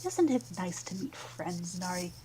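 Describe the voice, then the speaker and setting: Woman doing a genteel tiefling high priest. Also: lively intonation, measured pace, warm tone, a little hiss or hum. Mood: courtly. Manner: polite, courtly phrasing.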